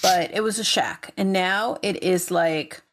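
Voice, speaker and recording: A woman's voice: on the low side, unhurried, a little hiss or hum. A woman with a New York accent, chatting casually with her co-host and playfully defending herself. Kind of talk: casual chat.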